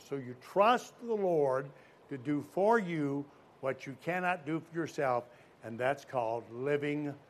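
Speaking to a youth audience in a mid-range voice, this preacher shares a story and asks the listeners questions. His delivery shifts from forceful, loud emphasis to hushed quiet.

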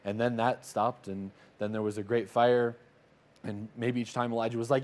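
A man in a middle voice retelling a Bible story. He talks in a relaxed, chatty way. He drops into quick acted-out voices for the characters. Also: medium pitch. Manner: conversational, retells scripture with little acted-out voices. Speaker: Bible teacher.

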